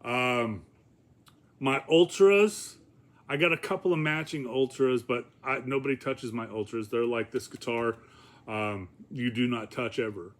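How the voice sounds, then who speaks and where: A man's voice: mid-range voice, measured pace. A man talking casually in a rambling, profane vlog, with many fillers and chuckles. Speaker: vlogger.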